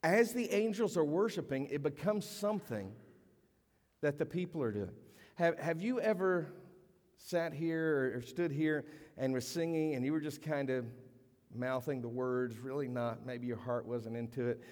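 A man preaching a sermon to his congregation, animated and storytelling, acting out voices in his stories. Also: on the high side, moderate pace, in a large hall. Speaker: pastor. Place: church sanctuary.

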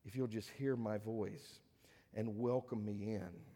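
A man's voice: on the low side, steady tone, measured pace, mellow, long reverb tail. A middle-aged male pastor preaching a conversational sermon to a congregation, with dry joking asides. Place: church sanctuary.

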